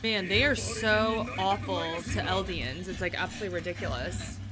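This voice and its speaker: A woman's voice: mid-range voice, moderate pace. A young woman hosting a casual reaction chat, gushing and emotional, full of "um" and "like". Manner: gushing, emotional, many fillers like "um" and "like". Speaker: host.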